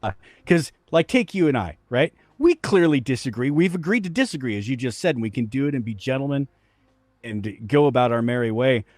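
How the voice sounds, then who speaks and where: A man's voice: medium pitch, animated, brisk, a little mellow, no room sound, soft background music. Blunt, profane middle-aged man. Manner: blunt and profane, laughs easily. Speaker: interview guest. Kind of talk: casual interview talk.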